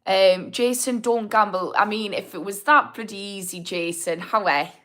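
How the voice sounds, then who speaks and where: A woman's voice: medium pitch, normal speed, a bit bright. A woman in her thirties with a British accent speaks in an easy, chatty way while hosting a live Q&A. She answers viewers' comments by name, often trailing off and starting her sentences again. Her tone stays frank and down-to-earth. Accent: British English. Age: 30s. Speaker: recovery coach hosting a live Q&A. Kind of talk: casual live-stream chat, reading comments.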